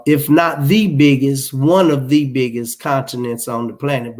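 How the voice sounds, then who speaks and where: A man giving casual spoken commentary, rambling and emphatic, with many restarts, fillers and pointed rhetorical questions. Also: mid-range voice. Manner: rhetorical questions, wry laughs. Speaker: live show commentator.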